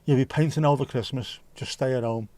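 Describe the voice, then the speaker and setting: A mid-range, mellow male voice with fairly even intonation moves at a fairly quick pace, with no echo. He's hosting a livestream in a Scouse accent, reading viewer comments and chatting casually and jokily while swearing freely and rambling.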